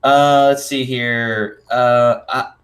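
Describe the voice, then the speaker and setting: A man's voice: mid-range voice, little pitch movement, extremely slow. Easygoing man hosting a live stream. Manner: easygoing, laughs often, stumbles over names. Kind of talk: casual live-stream chat, reading viewer comments.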